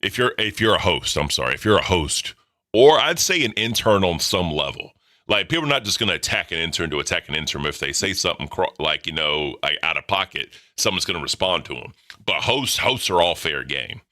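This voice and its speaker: Very deep-voiced man, casual rambling. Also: very animated, brisk, sharp tone, dry recording, studio quality. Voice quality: very deep low voice. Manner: rambling, self-correcting, says "right?" often. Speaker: co-host. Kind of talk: casual livestream commentary.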